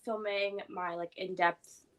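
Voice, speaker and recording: A woman's voice: mid-range voice, fairly even intonation, slow, over a noisy crowd. A young woman guest on a reading livestream, rambling casually with lots of fillers. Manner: chatty, rambling with many fillers. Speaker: guest book vlogger. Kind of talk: casual chat.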